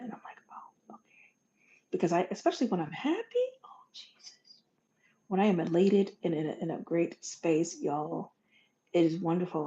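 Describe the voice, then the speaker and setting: A lowish, mellow-voiced woman talks to her listeners in a folksy, animated monologue, dropping to near whispers and then bursting louder. The recording sounds dull and lo-fi. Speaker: podcast host. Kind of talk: motivational monologue.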